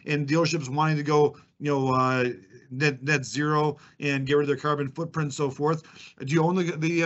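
A man's fairly bright, on-the-high-side voice tells sales stories on a podcast as a guest, confident and emphatic, playing out the dialogue in conversational storytelling. The sound is lo-fi.

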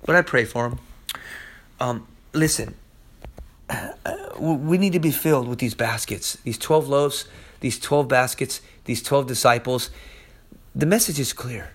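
A man giving an informal podcast sermon, swinging between loud exclaiming and quiet prayer. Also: mid-range voice, unhurried, long pauses. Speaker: preacher.

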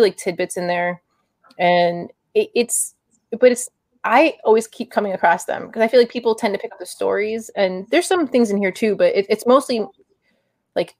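A podcast co-host, a woman with a medium-pitched, slightly mellow voice, chats casually about comic books and calls herself a nerd. She rambles and restarts often, and the recording is dry and studio quality.

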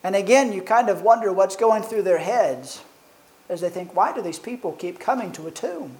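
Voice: medium pitch, lively intonation, normal speed, a little mellow, low-quality recording. A preacher delivers a sermon in a mid-range voice, reading scripture and then reflecting on it earnestly. The delivery leans on rhetorical questions put to the listeners.

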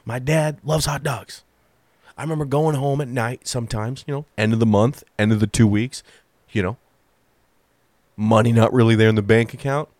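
A man telling a long comic story in a profane, animated way, acting out the lines of the people in it. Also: medium pitch, moderate pace, no echo. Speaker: comedian. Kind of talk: stand-up storytelling.

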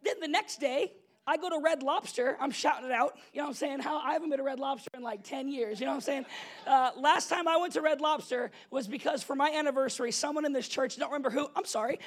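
A young adult man preaching a casual, story-driven sermon as pastor, animated and conversational, laughing often and checking in with the congregation. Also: extremely high pitch, fast talker. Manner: animated, conversational, laughs often, asks "you know what I'm saying?".

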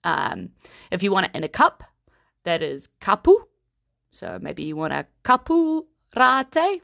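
A woman giving a casual vocabulary lesson in a playful, giggly, unhurried way. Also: on the low side, wildly swooping pitch, gravelly, fairly bright tone, dry recording, clean studio sound. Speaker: language teacher.

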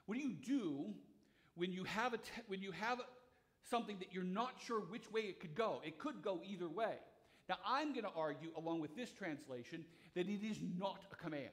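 A man's voice: sits high, lively intonation, normal speed, a bit bright. A man preaching a sermon as a pastor, explaining a text in a conversational way with frequent restarts and repeated words. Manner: conversational, thinks aloud.

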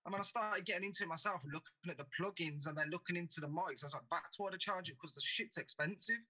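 A young man, his voice sitting high and bright with a hard, cutting edge. He tells sweary stories at a rapid clip in a relaxed podcast chat. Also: poor audio. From Birmingham, England. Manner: fast, sweary storytelling. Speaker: podcast guest. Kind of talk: casual chat.

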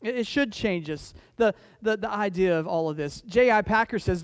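Middle-aged male pastor, high voice, chatty anecdotes that swell into emphatic preaching, many restarts. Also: normal speed, hardly any pauses, clear, resonant tone, no echo. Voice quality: frequent restarts and repeated words. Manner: conversational, storytelling preacher who rises to emphatic declarations. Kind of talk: sermon.

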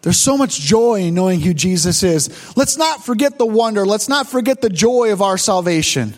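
This pastor's voice is strikingly high as he preaches, animated and emotional. His personal story comes out in stammering, repetitive retellings with mounting feeling before he directs it at the congregation.

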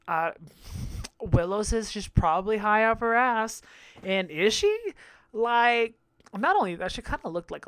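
A man's voice: high-pitched, a bit bright, clear, resonant tone, no room sound, clean studio sound. A man giving casual episode commentary on a reality show, sassy, crude and gossipy, laughing often.

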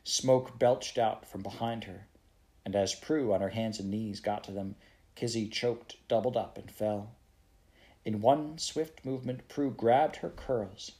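A man reading a children's novel aloud in a steady storytelling manner. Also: lowish voice, unhurried. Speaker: audiobook reader.

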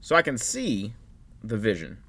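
Man, co-host, casual chat, easygoing, rambling, low-ish voice. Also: wildly swooping pitch, a little slow, vocal fry, bright, forceful tone. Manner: easygoing, rambling, lots of fillers and hedges. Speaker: podcast co-host.

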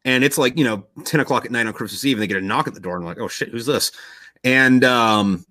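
A man's voice: mid-range voice, fast, bright, forceful tone, dry recording. A young man in casual podcast chat, telling a long story in a rambling way, swearing constantly and loosely acting out quotes.

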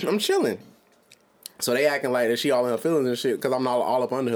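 A man's voice: medium pitch, quick pace. A man in his twenties, a podcast co-host, telling a story in casual chat, swearing freely and laughing as he goes. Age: 20s. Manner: animated, profane, laughs through his own story.

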